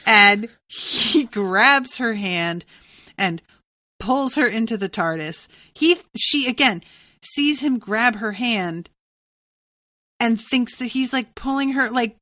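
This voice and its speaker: A woman's voice: mid-range voice, animated, measured pace, pushed and bright, dry recording. A woman co-hosting a podcast, recapping a TV episode in casual chat, blunt and exasperated, swearing freely. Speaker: podcast co-host.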